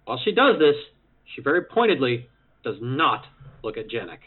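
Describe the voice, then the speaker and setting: A man playing a tabletop role-playing game, describing his character's actions in a measured way. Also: mid-range voice, big pitch swings, husky. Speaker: player. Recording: phone-like online call audio.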